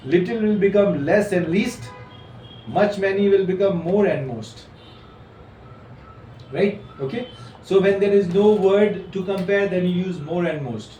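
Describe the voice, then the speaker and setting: A man's voice: high-pitched, unhurried, pauses often, warm tone. Man teaching a class. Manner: explains patiently, repeats and corrects students. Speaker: English teacher. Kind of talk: classroom lesson. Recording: echoey room from far off, faint noise.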